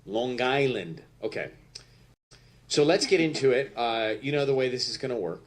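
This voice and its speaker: A man's voice: mid-range voice, expressive. Upbeat male radio host. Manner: brisk, upbeat, reads listener email. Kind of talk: radio show hosting.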